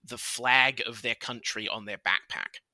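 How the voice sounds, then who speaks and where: An Australian man in his thirties chatting casually on a podcast, animated and quick to laugh. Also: mid-range voice, no room sound. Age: 30s. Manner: animated, laughs often, puts on voices for quoted people. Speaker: podcast host. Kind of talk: casual chat.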